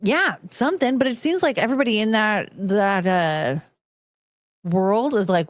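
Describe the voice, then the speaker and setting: A woman's voice: medium pitch, unhurried, dry recording. A woman hosting a casual livestream who rambles, chats to her pet and breaks into bits of song. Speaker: podcast host.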